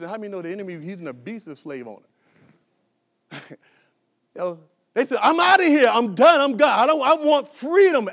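A man preaching a sermon, asking the congregation questions and building to loud, emphatic peaks. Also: high voice. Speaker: pastor.

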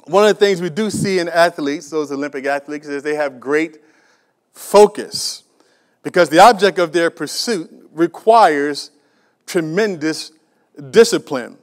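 High-voiced man preaching a sermon. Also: a little slow. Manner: call-and-response preaching, has the congregation repeat phrases; builds in volume and pitch as he presses a point. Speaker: pastor.

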